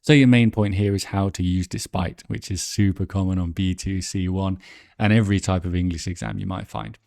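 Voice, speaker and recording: A man's voice: deep voice, fairly even intonation, a little fast, gravelly, darkish tone, no echo, studio quality. A man teaching English exam grammar, chatty, thinking aloud and correcting himself as he goes. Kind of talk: explaining exam answers.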